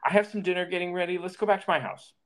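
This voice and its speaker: A man quoting an awkward, curt man on a date, in a flat, matter-of-fact voice close to his own. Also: sits high, very fast, poor audio.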